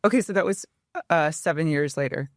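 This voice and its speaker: A woman co-hosting a podcast, chatty, with quick reactions in casual chat. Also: sits low, dry recording, clean studio sound. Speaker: podcast co-host.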